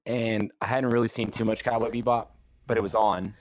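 A man's voice: lowish voice, level tone, fairly quick, a little hiss or hum. A man hosting a casual podcast, laid-back and calling his guest "dude" often. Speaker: podcast host.

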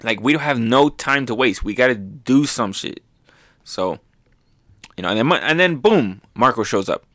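A man's voice: medium pitch, normal speed, no room sound. Fired-up man recapping manga, dry sound. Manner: excitable, swears freely, lots of fillers. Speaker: manga review host. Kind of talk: casual chapter recap.

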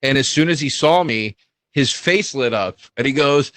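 A man telling a story in casual chat, animated and acting out quotes. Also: normal speed, dry recording. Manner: animated, acts out quotes in high voices.

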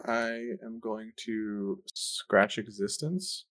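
A man playing in a tabletop game, talking casually in short, halting bits. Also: fairly low pitch, fairly bright tone. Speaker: player.

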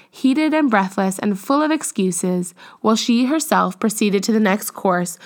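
A woman narrates a classic novel as an audiobook, reading the script in a measured, even manner at a medium pitch.

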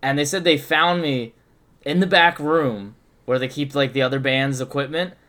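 A young man with a medium-pitched voice and moderate pace tells a rowdy story in a casual chat. He swears constantly and gets animated when acting out his friends' lines.

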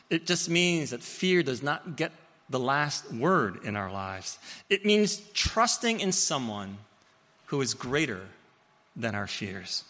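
A man preaching a sermon, telling stories with playful asides and swinging between loud and hushed. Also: mid-range voice, big-room sound. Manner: storytelling, animated, with playful asides.

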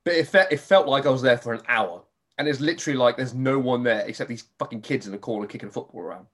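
A man hosting a podcast, telling a story in a lively casual way, swearing freely and acting out his own reactions. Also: mid-range voice, fast. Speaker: podcast host.

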